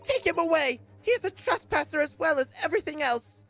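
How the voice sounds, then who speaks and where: A man voicing a hysterical young woman passenger who shouts melodramatic accusations. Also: animated, fairly quick, soft background music, full character voice. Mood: accusing. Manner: shrill, melodramatic outbursts.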